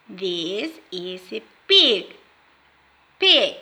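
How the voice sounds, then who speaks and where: A woman teaching a vocabulary lesson to young children. She speaks slowly and clearly, asks them to repeat words, and imitates animal sounds. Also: on the high side, big pitch swings, pushed and bright. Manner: slow, clearly spoken, prompting children to repeat.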